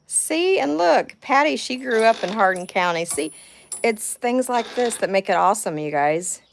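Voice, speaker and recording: Her voice medium-pitched and animated at a moderate pace, a middle-aged woman with a Southern drawl hosts her first livestream from home by a window with birds outside. Nervous, she reads comments and thanks viewers by name over slight background noise.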